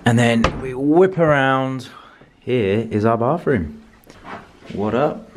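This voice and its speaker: A young man vlogging a casual, upbeat tour of a hotel room, chatty and relaxed. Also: medium pitch, takes it slowly, a little hiss or hum.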